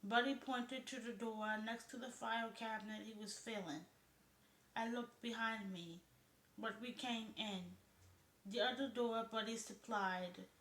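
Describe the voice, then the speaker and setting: A woman's voice: fairly high pitch, fairly even intonation, unhurried, fairly bright tone. Woman narrating a story in an echoey room. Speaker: audiobook narrator. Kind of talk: scripted narration. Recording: roomy echo.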